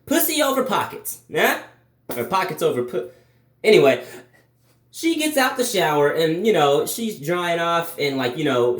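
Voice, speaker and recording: Young man, storytime vlog, lively swinging pitch, casual swearing, echoey room. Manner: animated, swearing, many restarts. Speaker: vlogger.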